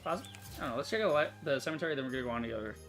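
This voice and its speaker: A young man talks through a game demo in loose, rambling commentary. He keeps restarting his sentences and padding them with fillers, and his pitch sits in the ordinary middle range. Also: big pitch swings, rapid-fire, music in the background. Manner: rambling, full of fillers and self-corrections. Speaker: gaming channel host. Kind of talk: casual let's-play commentary.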